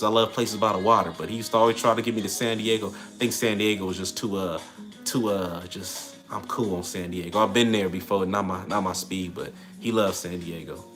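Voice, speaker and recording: A man's voice: lowish voice, a bit bright. A man in his thirties hosting a casual livestream, rambling through viewer comments and often asking "you get me?". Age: 30s. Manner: rambling, keeps tagging lines with "you get me?". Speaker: livestream host.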